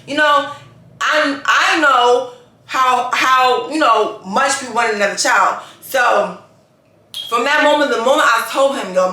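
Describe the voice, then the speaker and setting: Woman vlogger, casual storyteller, animated and slangy, bright voice in an echoey room. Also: on the high side. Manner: chatty and animated, with slangy asides.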